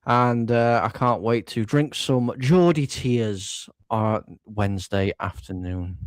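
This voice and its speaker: A man's voice: mid-range voice, slow, no room sound. Cheerful man signing off a fan podcast. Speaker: podcast co-host. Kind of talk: casual football fan chat.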